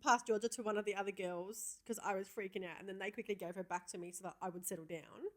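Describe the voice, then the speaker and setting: A woman's voice: mid-range voice, fast talker. A woman, co-hosting a podcast in casual chat and telling stories with lots of swearing and animation. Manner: animated storyteller, swears freely. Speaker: podcast co-host.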